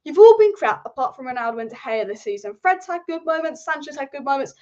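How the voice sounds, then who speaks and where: A woman's voice: high voice, very animated, quick pace, a little mellow. Fired-up young woman ranting. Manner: passionate, fired-up, swears freely. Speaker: football fan channel host. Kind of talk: ranting fan commentary vlog. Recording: slightly dull lo-fi audio.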